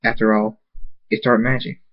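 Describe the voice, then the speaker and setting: A man voicing a pony who works dark magic, speaking casually and haltingly. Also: lowish voice, flat delivery, lo-fi sound, close to an everyday voice.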